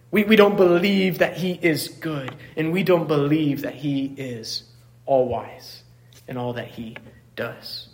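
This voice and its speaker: A male pastor delivering a sermon in an earnest preaching manner. His voice sits a little high for a man. He builds to emphatic peaks and then drops soft, often repeating a word as he restarts a phrase. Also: rough recording. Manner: repeats words while restarting.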